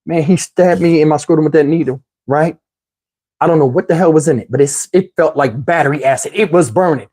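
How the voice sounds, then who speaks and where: A man telling a wild personal story in a casual, animated, slangy way, swearing freely. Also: on the high side, brisk.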